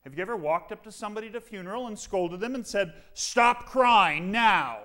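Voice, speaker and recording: A man preaching a sermon as pastor, dramatic and full of rhetorical questions, leaning on slow, emphatic pauses. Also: high-pitched.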